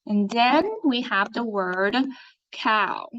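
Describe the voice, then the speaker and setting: A woman teaching an English lesson, speaking slowly, clearly and encouragingly, as if to young learners. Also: mid-range voice, fairly bright tone. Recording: dull lo-fi sound.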